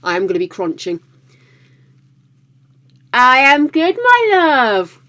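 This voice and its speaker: A woman's voice: sits high, huge pitch swings, slow, pushed and bright. A woman hosting a livestream, chatting casually with viewers, laughing often and greeting them by name. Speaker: livestream host.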